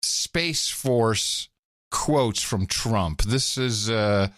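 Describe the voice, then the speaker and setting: A man hosting a podcast, chatting casually and reading listener notes aloud in an animated way. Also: fairly low pitch, extremely slow, dry recording, clean studio sound. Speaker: podcast host. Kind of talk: casual chat.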